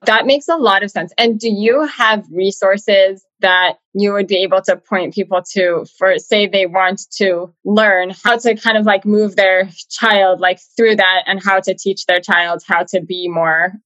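A woman's voice: medium pitch, steady tone, a bit bright, dry recording. Friendly lady host asking questions, muffled lo-fi audio, dry. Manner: friendly, quick listener cues. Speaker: podcast host. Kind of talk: interview hosting. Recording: dull lo-fi sound.

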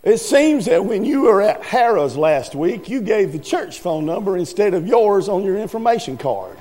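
Casting: a slow, teasing preacher, played by a man, somewhat high voice, echoey hall. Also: very animated, mellow. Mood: shrewd. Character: calm, shrewd older male small-town preacher. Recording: echoey hall, faint music.

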